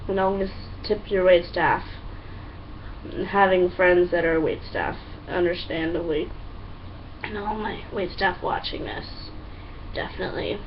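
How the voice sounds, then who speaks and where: A young woman talking to camera in a casual, excitable, chatty way, full of fillers and acted-out quotes. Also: lowish voice, a little slow, far from the mic. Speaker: vlogger. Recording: dull lo-fi sound, a bit off-mic, faint hum.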